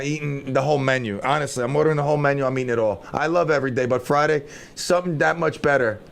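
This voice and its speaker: A man's voice: on the high side, steady tone, quick pace, vocal fry, few pauses, fairly bright tone. A middle-aged man hosting a radio show, rambling casually and mocking himself while he fumbles with studio gear. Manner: scattered, self-mocking, thinks aloud while fiddling with gear.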